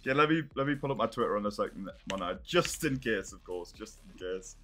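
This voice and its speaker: A man's voice: fairly low pitch, animated, brisk, a bit bright. A young man reacting on a live stream, exasperated and swearing as he thinks aloud.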